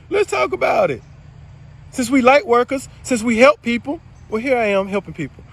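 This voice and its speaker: A man casually telling viewers a story, animated and swearing freely, swinging between loud and low. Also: moderate pace, gravelly, husky. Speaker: spiritual video creator.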